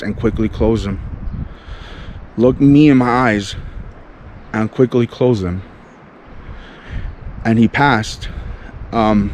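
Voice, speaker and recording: A man's voice: mid-range voice, a little mellow, a little hiss or hum. A man from California telling a personal faith testimony in casual talk, full of "you know" and "like". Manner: fervent, fillers like "you know" and "like". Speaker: faith vlogger.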